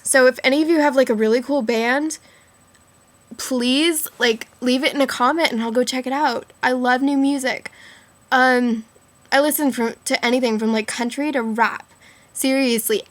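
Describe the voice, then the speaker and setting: Teen girl rambling on her vlog, high voice, keeps giggling, says like a lot. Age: teens. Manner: giggly, rambling, many "like" fillers. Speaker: vlogger. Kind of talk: casual storytelling vlog.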